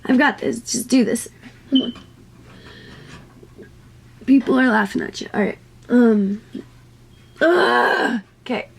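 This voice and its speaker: Standing by the water heater in her home's utility space, a young woman vlogs to camera, nervous and swearing as she talks herself through a scary task. Her fairly high, gravelly voice has lively intonation and sounds slightly rough. She speaks slowly, with long pauses.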